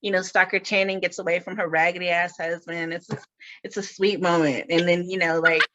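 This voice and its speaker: A woman's voice: lowish voice, level tone, brisk, pushed and bright, highs cut off. A middle-aged woman hosting a podcast, chatting casually and laughing often. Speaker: podcast host. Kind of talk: casual chat.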